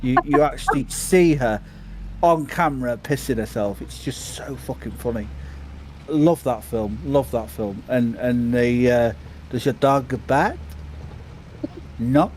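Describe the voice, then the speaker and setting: A man's voice: mid-range voice, measured pace, background noise. A man with an English accent chatting casually with friends while gaming, often restarting his sentences and breaking into laughter. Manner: chatty, stammering restarts, bursts into impressions and laughter. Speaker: player chatting on a farming sim stream. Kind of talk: casual chat.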